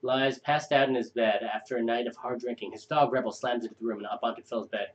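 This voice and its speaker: A man hosting a live screenwriting show, reading a script aloud with quick asides. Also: mid-range voice, highs cut off, a little hiss or hum. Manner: animated, quick asides between script lines. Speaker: host reading a viewer script. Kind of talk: live chat critique.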